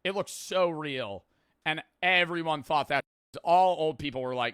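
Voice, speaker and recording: A man's voice: fairly high pitch, a little slow, a bit bright, smooth, dry recording. A young man streaming, reacting to a prank video with blunt, jokey, foul-mouthed commentary on a close mic. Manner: blunt, swears freely, jokey.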